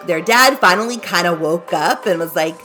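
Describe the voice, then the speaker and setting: A woman's voice: lowish voice, moderate pace, bright, forceful tone, faint music behind. A woman hosting a podcast who recaps a horror story in a chatty, giggly way and acts out the characters. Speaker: podcast host. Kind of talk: casual recap of a horror book.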